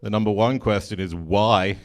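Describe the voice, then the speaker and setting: A stand-up comedian in his forties from England, with an English accent, delivers dry, mock-indignant punchlines. His voice is fairly low and steady, at a moderate pace.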